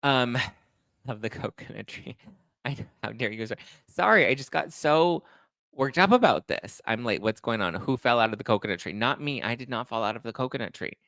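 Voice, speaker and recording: A man's voice: lowish voice, a little fast, a bit bright, no echo. A man hosting a gossip commentary show, reading articles aloud and ranting at them sarcastically, getting more and more worked up.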